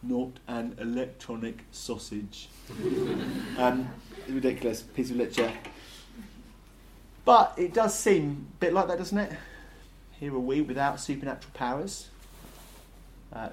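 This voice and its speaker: A man's voice: medium pitch, a little hiss or hum. A man giving a conversational sermon full of ums and uhs. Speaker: preacher.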